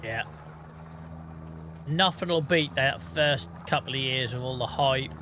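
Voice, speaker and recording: A man's voice: mid-range voice, unhurried, background noise. A man streaming a farming game, chatting casually in a rambling, self-deprecating way with the odd swear. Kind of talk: casual gaming stream chat.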